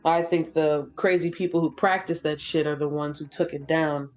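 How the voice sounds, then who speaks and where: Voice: medium pitch, fairly even intonation, normal speed, darkish tone, soft background music. A gaming channel co-host chatting casually during a playthrough, rambling with lots of fillers and swearing freely. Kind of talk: casual chat while streaming a game.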